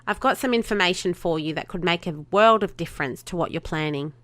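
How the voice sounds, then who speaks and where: A woman voicing a brisk, determined female Starfleet doctor who talks firmly and insistently in a fan audio drama. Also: lowish voice, fairly bright tone, dry recording, close to an everyday voice. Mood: urgent. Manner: firm, insistent.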